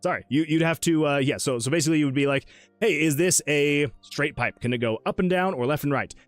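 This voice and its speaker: A man's voice: fairly high pitch, quick pace, no room sound, faint music behind. A man streaming his game development, chatting in a casual, rambling way and poking fun at himself. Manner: rambling, chatty, with self-deprecating asides. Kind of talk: casual livestream chat.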